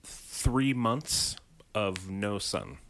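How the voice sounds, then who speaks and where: A man's voice: lowish voice, sing-song, very slow, fairly bright tone. A man co-hosting a podcast, telling rambling stories in casual chat and swearing freely. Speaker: podcast co-host.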